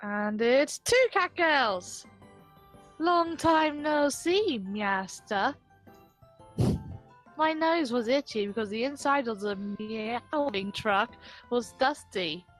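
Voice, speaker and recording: A woman voicing a calm, deadpan young cat girl from a video game who meows. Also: on the high side, soft background music. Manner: slow, flat, meows.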